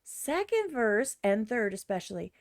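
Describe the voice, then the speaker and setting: A woman's voice: a little high, sing-song, unhurried, no room sound, studio quality. A woman streamer giving blunt, profane reaction commentary on a music video, often mimicking other people in exaggerated voices.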